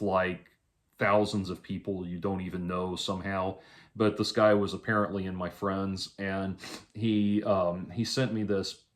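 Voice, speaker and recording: A man, a musician, talking through a casual, rambling monologue to camera, halting often and adding dry sarcastic asides. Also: fairly low pitch. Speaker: musician vlogger.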